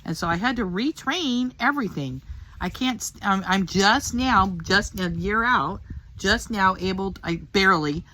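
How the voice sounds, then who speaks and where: A woman's voice: mid-range voice, animated, unhurried, pushed and bright, a little hiss or hum. An older woman giving a casual personal testimony about her faith, talking in an earnest, heartfelt, rambling way. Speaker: Christian testimony speaker.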